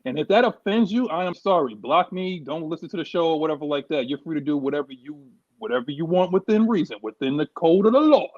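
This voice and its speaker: A fired-up man from New York sounds off on his team, his voice sitting high for a man. He speaks with heavy emphasis and keeps repeating himself. The recording is dry and a little muffled. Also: expressive, fast talker, a little mellow, dry recording. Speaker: sports show co-host. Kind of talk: heated casual sports talk.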